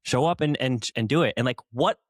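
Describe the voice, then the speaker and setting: A man's voice: medium pitch, brisk, dry recording. Enthusiastic podcast host man, dry sound. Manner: enthusiastic, filler-heavy riffing. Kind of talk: casual chat.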